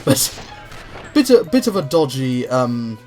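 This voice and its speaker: Brief: young man, chatty distracted let's-play narration, mid pitch, faint music. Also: very animated, unhurried, a little mellow. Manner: giggly, rambling, easily distracted. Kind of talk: casual gameplay commentary.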